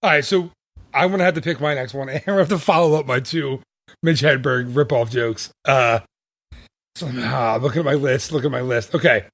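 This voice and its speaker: A man's voice: mid-range voice, normal speed, no echo. Chatty man hosting a podcast, dry close sound. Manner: rambling, laughs often, self-correcting. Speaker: podcast host. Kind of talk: casual chat.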